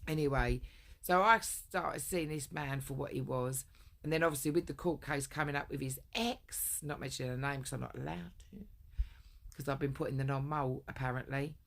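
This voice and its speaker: Woman vlogger, gravelly fry in the voice, rambles and swears through a personal grievance. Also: extremely low pitch, brisk. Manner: rambling, heavy swearing, blunt. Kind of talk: casual storytelling rant.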